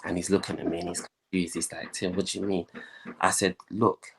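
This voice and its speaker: A young man, a guest, telling his life story in a lively way and acting out the voices of the people in it. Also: low voice, fairly quick, gravelly, noisy background. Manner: animated storyteller, acts out quoted voices.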